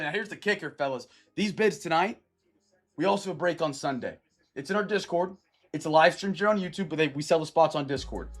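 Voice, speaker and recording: A man's voice: high-pitched, a bit bright. Upbeat man hosting a live card break. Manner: upbeat, chatty, greets viewers by name, drawn-out hype calls. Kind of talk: live stream chat with viewers.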